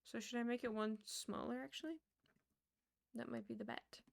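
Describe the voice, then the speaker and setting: A woman's voice: a little high, fairly even intonation, normal speed, gravelly. A young woman in her twenties streaming a building game, chatting casually and muttering counts under her breath.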